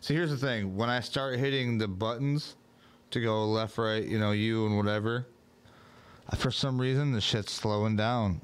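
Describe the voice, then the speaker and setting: A man's voice: fairly low pitch, fairly even intonation, moderate pace, clear, resonant tone. A man co-hosting a podcast in casual chat, swearing and addressing the live chat. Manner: loose, profane, talks to the live chat. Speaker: podcast co-host.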